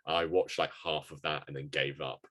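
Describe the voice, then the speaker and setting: A man co-hosting a casual podcast chat, self-mocking and quick to laugh. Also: a bass voice, flat delivery, fairly bright tone. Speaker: podcast co-host and editor.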